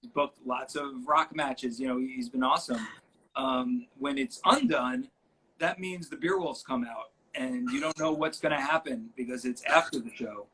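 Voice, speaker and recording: A man telling backstage stories on a live video call, animated and playful, acting out the people in his anecdotes. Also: mid-range voice, moderate pace, slight background noise, poor audio. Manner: animated, acts out quotes in storytelling. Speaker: guest author. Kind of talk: anecdotal storytelling on a live stream. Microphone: phone or computer mic on a live video call.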